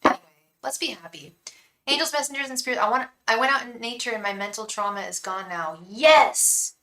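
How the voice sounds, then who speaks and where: A woman's voice: on the high side, fast, bright, forceful tone, echoey room, slight background noise, low-quality recording. A young woman from the Bay Area hosting a live tarot stream, chatting casually, venting about her day and chanting a repeated invocation to spirit guides. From San Francisco Bay Area.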